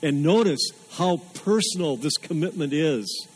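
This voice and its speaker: A man's voice: a little high, lively intonation, measured pace, a little mellow, slightly rough, poor audio. A man preaching a sermon, earnest and emphatic, repeating phrases for weight. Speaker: pastor.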